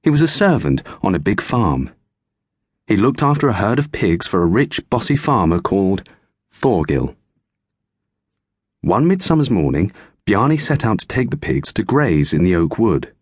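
Casting: low, husky male narrator for a children's story, lively and unhurried, dry close sound. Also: dry recording. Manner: animated storytelling. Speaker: audiobook narrator.

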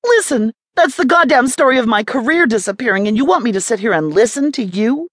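A woman's voice: high-pitched, sing-song, slow pace, no echo, clean studio sound, pitched above the performer's own voice, heavily acted. A woman narrator voicing a fiery young woman journalist who is furious and swears at her captors. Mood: indignant. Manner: yelling, defiant, swearing. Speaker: heroine of an audiobook.

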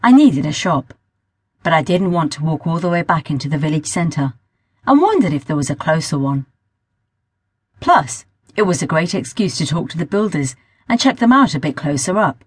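A woman narrates a first-person story for an audiobook at a measured pace. Her voice has a soft husky edge. It is recorded on a close mic in a dry, dead room. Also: low voice, sing-song, dry recording. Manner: measured storytelling, sometimes rereading a line.

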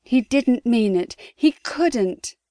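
A woman narrating a historical romance audiobook in a smooth, even storytelling manner. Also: fairly high pitch, slow, dry recording, clean studio sound. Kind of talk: scripted narration.

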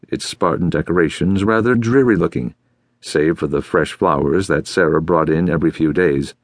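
A man narrating an audiobook in a steady, even way, recorded close in a studio. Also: low-pitched, dry recording. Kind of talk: scripted narration.

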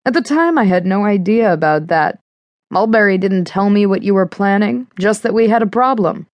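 A woman's voice: medium pitch, expressive, normal speed, no room sound, muffled recording, voice pushed up, natural voice. A woman voicing a smug, manipulative man who talks in a mocking, offhand way.

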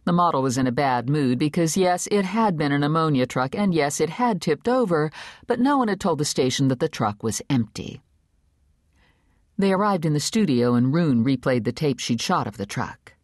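Low, expressive woman narrator. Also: dry recording, clean studio sound. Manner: expressive, measured storytelling. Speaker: audiobook narrator. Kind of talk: scripted narration. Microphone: studio microphone.

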